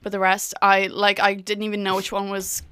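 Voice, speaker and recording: A young woman co-hosting a podcast, easygoing and quick to chime in. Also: medium pitch, monotone, sharp tone, smooth, no echo. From Ireland. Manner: easygoing, quick agreeing interjections. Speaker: podcast co-host. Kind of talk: casual chat.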